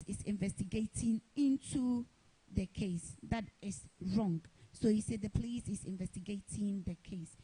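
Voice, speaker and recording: A woman giving a televised grammar lesson as a teacher, deliberately repeating each example sentence. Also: on the high side, mellow, breathy edge, poor audio.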